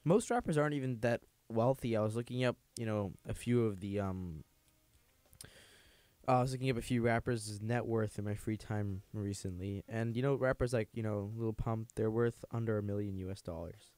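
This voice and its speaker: A man's voice: fairly low pitch, a little mellow, no room sound. Wordy young man, dry close sound. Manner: measured, wordy, drawn-out phrasing. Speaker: radio show co-host. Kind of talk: casual panel discussion.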